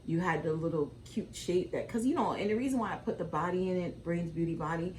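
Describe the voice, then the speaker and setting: A woman's voice: lowish voice, fast talker, slight background noise. A middle-aged woman with a West Indian accent, talking candidly with her daughter and acting out quotes as she tells stories. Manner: emotional, animated storytelling with acted quotes. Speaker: mother and co-host. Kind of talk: candid family conversation.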